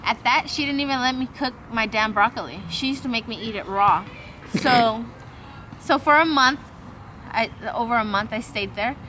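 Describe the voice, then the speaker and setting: This is a young woman vlogging, with a bright, slightly high voice. She tells a long personal story in a rambling, offhand way. She swears freely and acts out what others said. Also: normal speed, slight background noise, rough recording. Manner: acts out quoted dialogue. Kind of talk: casual storytelling.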